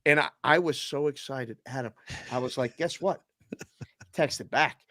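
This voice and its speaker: A middle-aged man hosts a sports betting show with an easygoing, animated delivery, acting out conversations as he tells a story. His voice sits at an ordinary pitch. The sound is dry and close, with no room around it. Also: moderate pace, no echo. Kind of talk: casual sports talk.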